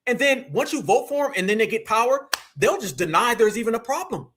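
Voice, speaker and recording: A man's voice: very high-pitched, sing-song, fairly quick, fairly bright tone, husky. A man hosting a political livestream, talking in a heated, preachy, mocking way and calling his listeners "fam".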